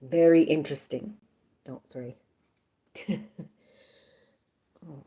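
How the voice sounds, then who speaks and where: A woman's voice: low voice, steady tone, slow pace, warm tone. A woman reading a story aloud on a live stream in a chatty, playful way, breaking off for jokes and asides. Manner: chatty, playful, swears and jokes between passages.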